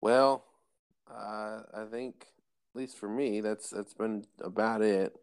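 A man's voice: on the low side, steady tone, slow pace, a little mellow. A man co-hosting a podcast in casual chat, wry and teasing. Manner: wry, teasing, mocking impressions. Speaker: podcast co-host.

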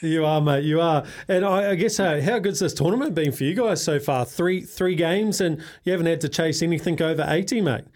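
A man's voice: on the high side, fairly quick, few pauses, a little mellow. A man co-hosting a sports radio show, matey and joking, reeling off match stats.

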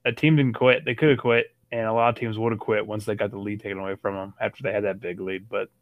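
A man's voice: fairly low pitch, flat delivery, quick pace, no echo, highs cut off. A man in his thirties co-hosting a casual sports podcast, telling a long story with lots of fillers. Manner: rambling storyteller with many fillers. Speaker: podcast co-host.

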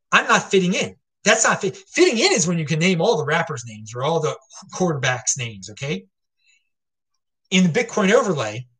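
Husky-voiced man ranting casually. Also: fairly high pitch, fairly bright tone. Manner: rambling, emphatic, full of repeats and "okay?". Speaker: crypto show host. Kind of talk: casual opinion rant.

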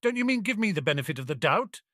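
A man's voice: sits high, sing-song, quick pace, pushed and bright, dry recording, clean studio sound, voice pushed up, exaggerated voice. Brief: reader playing a proper, earnest young man, a bit breathless, storybook reading. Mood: prim. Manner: prim, eager, a little breathless.

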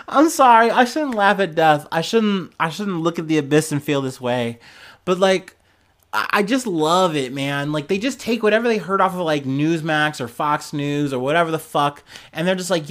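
A man's voice: fairly high pitch, expressive, normal speed, a bit bright. Laughing, sarcastic, profane young man. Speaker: podcast host. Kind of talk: casual news commentary.

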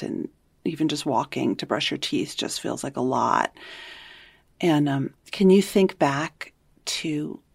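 Deep-voiced woman interviewer, gently probing. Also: creaky. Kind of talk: interview questions.

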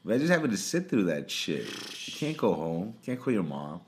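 A man's voice: low-pitched, very animated, brisk, slight background noise. A man co-hosting a podcast, chatting casually with wry short comebacks. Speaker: podcast co-host. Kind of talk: casual chat.

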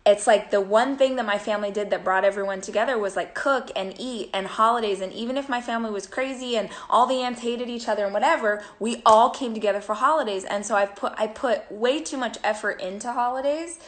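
A woman's voice: fairly high pitch, a little fast, hardly any pauses. A woman co-hosting a casual live show, telling a story in an emotional, rambling way with many fillers. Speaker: co-host.

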